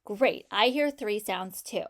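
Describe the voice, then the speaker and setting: A woman's voice: mid-range voice, slow, vocal fry, a bit bright. A woman teaching a phonics lesson to children, patiently sounding out each sound in a word and praising answers.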